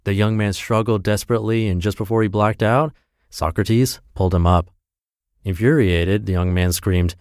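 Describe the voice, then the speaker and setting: A man's voice: lowish voice, fairly even intonation, normal speed, darkish tone, no echo, studio quality. A man narrating a self-help blog post for his podcast in an upbeat, emphatic reading voice.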